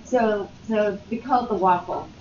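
A woman's voice: mid-range voice, normal speed. Upbeat woman moderating a workshop. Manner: upbeat, encouraging, laughs easily. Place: meeting room. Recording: muffled, roomy, noisy.

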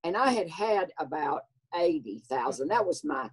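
An older man with a warm Southern drawl tells stories with lots of animation. His voice is husky, and he sits low for a man who speaks in a high register. He chats easily as an interview guest. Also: moderate pace. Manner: chatty, animated storyteller who acts out quoted voices. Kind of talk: casual chat.

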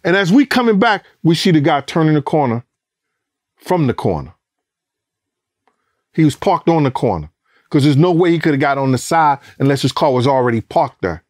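A middle-aged man recounts a night in a casual interview, his voice sitting a touch high for a man. He talks in an animated, profane way and acts out the voices of others and gunshot sounds. The sound is dry and close, with no room echo. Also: normal speed, long pauses. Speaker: former bodyguard telling a story.

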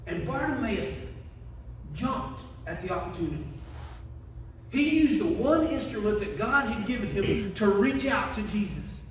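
A man preaching a sermon as pastor, emphatic and building to shouted quotations. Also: high-pitched, animated, a little slow, slight background noise. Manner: emphatic preaching, rising to shouts when quoting. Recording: echoey, distant room mic.

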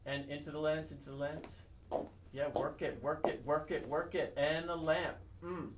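A man's voice: on the high side, flat delivery, normal speed, lightly acted. Guy doing a stressed director hyping the model, far off mic, echoey noisy set. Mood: coaxing. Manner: cajoling, flustered, calls action and cut. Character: harried, coaxing film director. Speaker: film director.

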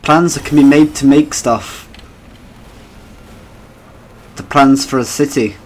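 A man's voice: mid-range voice, steady tone, takes it slowly. A man doing casual gameplay commentary, joking and rambling and swearing often.

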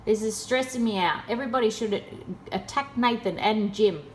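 A woman's voice: on the high side, moderate pace, a little hiss or hum. A woman in a casual vlog, talking in a sarcastic, exasperated way. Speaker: vlogger.

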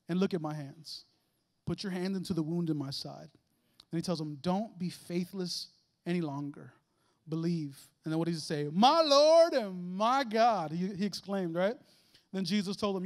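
A man preaching a lively, conversational sermon in a church, joking and acting out little voices and asides. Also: on the high side. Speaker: guest preacher. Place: church sanctuary.

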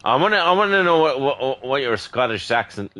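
A man's voice: mid-range voice, very animated, fairly quick, bright, forceful tone, no room sound. Boisterous, swearing Irish man. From Ireland. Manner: boisterous, swears freely, joking banter. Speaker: gaming streamer. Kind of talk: casual voice chat while gaming.

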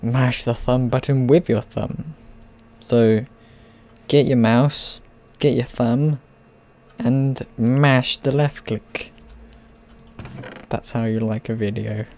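Man, gameplay commentary, playful, rambling, unhurried delivery, warm low-key tone. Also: steady tone. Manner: playful, rambling, talks to game characters. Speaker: gaming channel host.

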